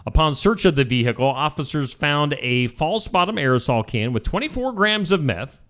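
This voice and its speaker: A man's voice: a little high, animated, fairly bright tone. A man hosting a live morning show, reading offbeat news stories in a casual, wry way. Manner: wry, playful, with quick put-on accents.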